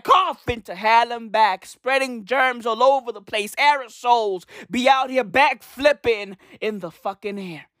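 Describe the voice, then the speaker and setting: Animated, profane man ranting. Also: sits high, no room sound, clean studio sound. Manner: profane, animated, peppered with "bruv" and "right?". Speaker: vlogger. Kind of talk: casual comedic rant to camera.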